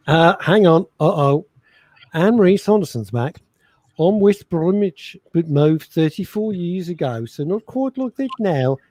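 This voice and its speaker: A man's voice: mid-range voice, darkish tone, no room sound. A man co-hosting a casual radio chat show, joking while reading listener messages.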